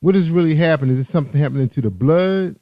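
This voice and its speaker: A man's voice: fairly high pitch, racing, no echo, dull audio. A man hosting a radio interview, asking his guest reflective, probing questions. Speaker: radio show host.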